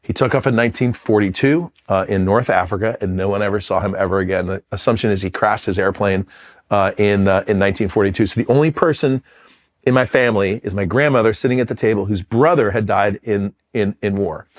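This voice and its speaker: A man's voice: lowish voice, fairly quick. A middle-aged man from Philadelphia, a former Marine fighter pilot, telling his story in an interview in a candid, self-deprecating way with restarts and fillers. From Philadelphia, USA.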